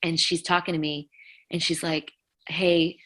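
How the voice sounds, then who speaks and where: A middle-aged woman with a low voice tells a painful story as an interview guest. Her tone is bright and forceful, and she acts out each quoted line with lots of "like"s as she goes. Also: level tone, a little slow, poor audio. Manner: vivid retelling, acting out quotes, many "like"s. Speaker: rock vocalist, interview guest.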